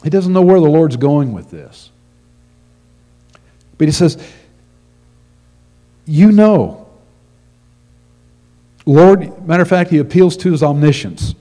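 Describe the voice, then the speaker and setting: A man's voice: a little high, moderate pace, pauses often, warm tone, in a large hall. A man preaching a sermon with earnest storytelling, often repeating his words as he goes. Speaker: pastor.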